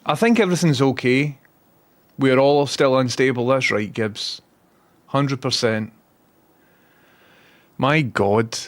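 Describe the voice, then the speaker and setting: A man's voice: mid-range voice, slow, pauses often. A man with a Scottish accent talks casually to his livestream audience. He is chatty and self-deprecating, and he swears often and easily. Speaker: livestream host.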